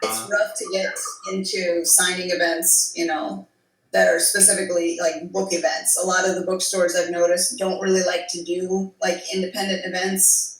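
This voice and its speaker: A woman's voice: fairly low pitch, little pitch movement, moderate pace, echoey room, distant mic, low-quality recording. A woman author chatting casually, with many fillers. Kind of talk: casual chat.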